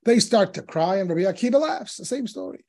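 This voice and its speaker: A man, a rabbi teaching a Talmud class, telling stories in an animated way and acting out the dialogue of the sages. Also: sits high, a little fast. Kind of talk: Torah class storytelling.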